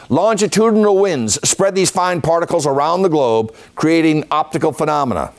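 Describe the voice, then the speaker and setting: A man giving an illustrated history talk as a folklorist, reciting dates and figures steadily with chatty asides to the audience. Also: on the high side. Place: senior center meeting room.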